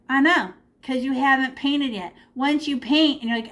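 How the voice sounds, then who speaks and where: High, animated woman teaching kids. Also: moderate pace, few pauses. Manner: animated, encouraging, talks to kids. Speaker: art teacher. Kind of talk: online art class for children. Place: her room at home. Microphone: video call.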